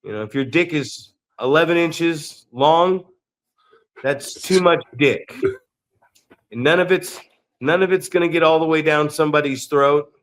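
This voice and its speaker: Higher-voiced man, rambling crude podcast banter. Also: measured pace, fairly bright tone. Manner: rambling, crude, jokey storytelling with quoted voices. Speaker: podcast co-host. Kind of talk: casual chat.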